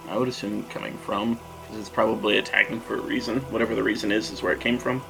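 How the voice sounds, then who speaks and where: A man's voice: on the low side, fairly even intonation, fast talker, creaky, over music, low-quality recording. A man playing a tabletop game, asking hesitant, methodical questions. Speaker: player. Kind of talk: casual tabletop game chat.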